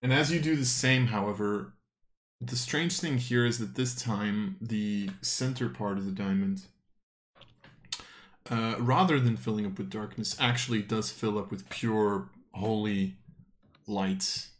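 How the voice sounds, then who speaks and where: Low-voiced man running a tabletop game. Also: a little slow. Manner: rambling, hesitant, with many fillers and self-corrections. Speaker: game master.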